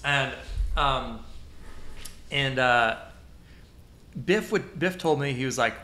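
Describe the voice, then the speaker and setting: A man hosts a casual podcast chat with a bright, forceful voice. He tells animated stories and mimics the people he quotes. His voice rings out in an echoey room. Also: medium pitch, moderate pace, a little hiss or hum. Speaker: podcast host.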